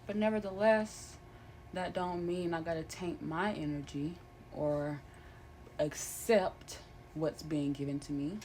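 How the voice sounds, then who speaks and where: A woman's voice: low voice, fairly even intonation, slow pace, dark tone, slight background noise. A young adult woman, a vlogger, talking to camera in a chatty, slangy, playful way. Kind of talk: casual vlog chat.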